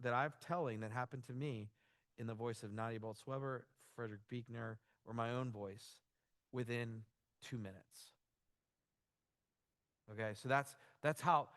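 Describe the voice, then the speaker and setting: A man's voice: medium pitch, a bit bright, no echo, clean studio sound. A man giving a conversational church workshop talk, loose and informal, often restarting his sentences. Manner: casual, loose, with frequent restarts and "like". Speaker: workshop presenter.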